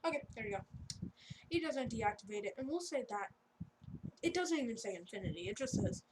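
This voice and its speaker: A woman's voice: on the high side, fairly quick. A woman casually telling a fan story in a rambling, off-the-cuff way with joking asides. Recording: steady background noise.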